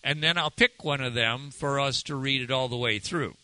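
A man preaching a sermon as pastor, earnest and measured, slowing down to stress key phrases. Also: medium pitch, pushed and bright, clean tone, no room sound, low-quality recording.

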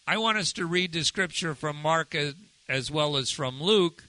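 A man preaching a sermon as pastor, earnest and measured, slowing down to stress key phrases. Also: on the high side, lively intonation, sharp tone, no echo, rough recording.

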